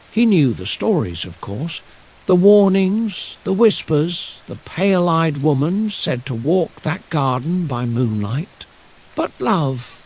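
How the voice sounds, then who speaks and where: A man reads a fairy tale at bedtime in a slow, soothing, lyrical voice. His pitch sits a little high and moves a great deal as he lingers over each phrase. Steady rain falls in the background. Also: slight background noise, low-quality recording. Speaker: storyteller. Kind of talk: scripted bedtime story narration. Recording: steady rain sounds behind.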